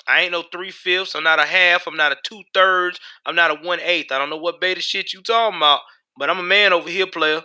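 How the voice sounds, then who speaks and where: Male livestream host, heated and profane, sharp bright high voice. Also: steady tone, brisk, smooth. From United States. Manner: heated, profane, talks back to chat. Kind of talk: casual live-stream commentary.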